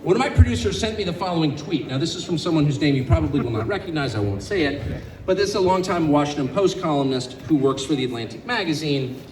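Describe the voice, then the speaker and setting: An American man giving a public speech to an audience in a sarcastic, animated way. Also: on the high side, fast talker, a little hiss or hum. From United States. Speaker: guest speaker. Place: event venue before an audience. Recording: echoey venue, distant mic, background ambience.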